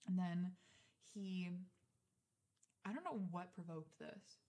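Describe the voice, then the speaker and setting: A woman's voice: on the low side, animated, slow pace, dark tone. A young woman in her twenties, co-hosting a podcast, telling a story in casual chat, swearing freely and acting out the quotes. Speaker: podcast co-host.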